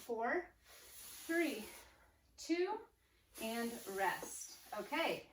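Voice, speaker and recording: A woman's voice: a little high, lively intonation, drawn-out words. A woman fitness instructor coaching a home workout while exercising, upbeat, counting down reps and cueing form, a little out of breath. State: slightly out of breath. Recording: echoey room, distant mic, faint noise.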